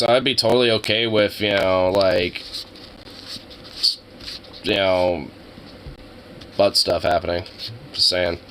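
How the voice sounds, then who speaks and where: A man's voice: on the low side, fairly bright tone, a little hiss or hum, low-quality recording. Rambling, joking male streamer. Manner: rambling, heavy filler words, joking. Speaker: live streamer. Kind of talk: casual chat with viewers.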